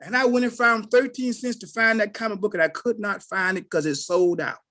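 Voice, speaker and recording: Older man, storyteller type, big swings from mumbly to shouty, folksy. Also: a little fast. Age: 60s. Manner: animated, swings between low mutters and loud outbursts. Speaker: call participant sharing a story. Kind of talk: casual storytelling.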